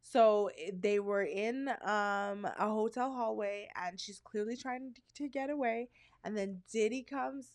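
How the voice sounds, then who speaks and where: A woman from Canada co-hosting a podcast, telling stories in a candid, animated, casual way. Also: medium pitch, unhurried. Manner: candid, animated storyteller who slips into voices. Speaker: podcast co-host. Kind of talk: casual chat.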